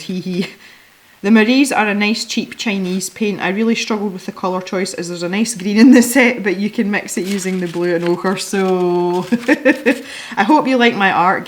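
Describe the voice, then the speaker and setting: A woman hosting a casual unboxing video, chatty and excitable, giggling often as she opens parcels of art supplies. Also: medium pitch. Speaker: art supply channel host.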